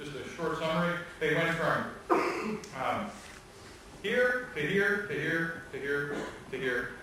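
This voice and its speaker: A man giving an animated, joking lecture, telling stories and laughing often, recorded from far off in a hall. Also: a little high, a little hiss or hum. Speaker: guest speaker. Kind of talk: lively lecture storytelling.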